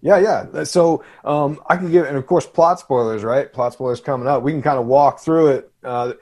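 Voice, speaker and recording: Easygoing podcast man, halting speech. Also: mid-range voice. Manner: halting, relaxed, full of fillers. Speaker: podcast co-host. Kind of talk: casual podcast chat.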